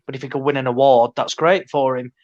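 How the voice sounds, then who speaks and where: A man's voice: medium pitch, steady tone, fast, darkish tone, dull audio. A man telling stories in casual podcast banter, hesitant with many fillers. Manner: hesitant, filler-heavy storytelling. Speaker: podcast co-host.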